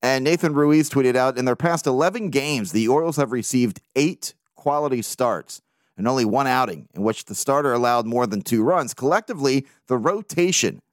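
Male podcast host, animated fan, profane and lively, dry booth sound. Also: medium pitch, moderate pace, no room sound. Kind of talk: casual sports podcast talk.

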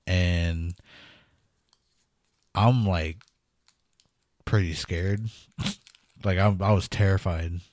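A low-voiced man tells a story on a casual podcast, acting out the lines people said and breaking into nervous laughs. The recording is dry and close. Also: extremely slow, long pauses, dry recording. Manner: animated storyteller, laughs nervously, acts out quotes. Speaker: podcast co-host.

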